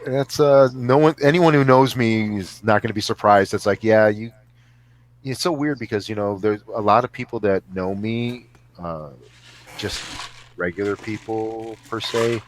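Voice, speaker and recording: A man's voice: fairly low pitch, normal speed. A man chatting casually as a podcast guest over a remote call, rambling and joking with frequent laughs. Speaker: guest actor.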